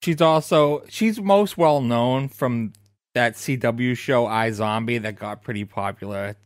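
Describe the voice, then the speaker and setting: A man's voice: medium pitch, a little slow, no room sound, clean studio sound. A man co-hosting a podcast, chatting casually and sharing trivia about an actress. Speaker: podcast co-host. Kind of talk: casual chat about a TV show.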